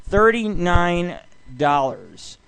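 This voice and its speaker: A man's voice: high-pitched, big pitch swings, very slow, gravelly, clean tone, dry recording, poor audio. A man hosting a late-night internet radio show, ranting in a loose, profane, rambling way and telling crude jokes. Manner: loose, jokey storytelling. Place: show based in Las Vegas. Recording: loud constant background noise.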